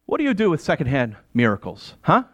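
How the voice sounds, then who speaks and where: A man telling a dramatic first-person story monologue to an audience. He swings from quiet asides to exasperated, near-shouted outbursts and throws rhetorical questions at his listeners. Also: fairly high pitch, wildly swooping pitch, fast, dry recording, dull audio.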